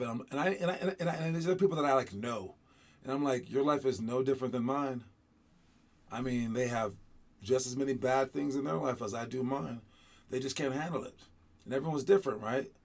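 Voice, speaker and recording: A man coaching kids in a casual, rambling talk, joking and breaking into song now and then. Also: mid-range voice. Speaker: basketball coach teaching kids. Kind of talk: casual motivational classroom talk. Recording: music playing loudly underneath.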